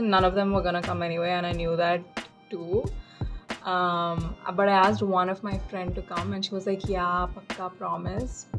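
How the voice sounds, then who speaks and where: Chatty young woman vlogging over music. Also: mid-range voice. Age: young adult. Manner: rambling, animated retelling with quoted dialogue. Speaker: college student vlogger. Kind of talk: casual chatty vlog storytelling. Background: background music.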